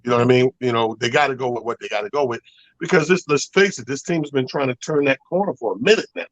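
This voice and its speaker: Man, mid-pitched co-host, folksy and relaxed, dull dry recording. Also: quick pace, no room sound. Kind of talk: casual sports talk.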